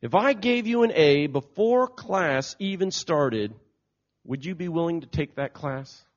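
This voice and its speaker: A man voicing a wise older woman teacher who speaks gently and reassuringly. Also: fairly high pitch, lively intonation, measured pace, voice pushed up. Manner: gentle, reassuring, matter-of-fact. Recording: dull lo-fi recording.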